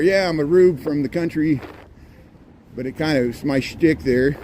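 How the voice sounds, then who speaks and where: A man's voice: on the high side, normal speed, a little mellow, poor audio. Folksy Midwestern man walking city streets. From Indiana. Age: 40s. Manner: folksy, rambling, repeats "here" and "there". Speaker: livestream host. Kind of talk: walking livestream tour. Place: outdoors on a city street in light rain. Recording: street noise behind.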